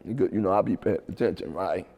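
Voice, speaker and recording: A man guest in an interview, telling his story in a relaxed, casual way, often tagging "right?" and "man". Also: low-pitched, fast, slightly rough, long reverb tail, highs cut off. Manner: laid-back, repeats "right?" and "man".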